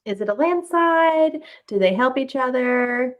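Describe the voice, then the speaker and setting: A woman's voice: high-pitched, expressive, a little slow. A young woman co-hosting a casual recap chat, easygoing and agreeable. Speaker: podcast co-host.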